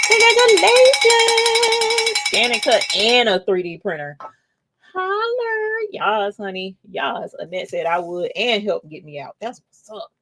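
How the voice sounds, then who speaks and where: Woman host for a craft livestream, casual and playful, voice swooping up and down as she reads the chat. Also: lowish voice. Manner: playful, lively, calls out "holler" and "yes, honey". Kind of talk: casual livestream chat, reading viewer comments.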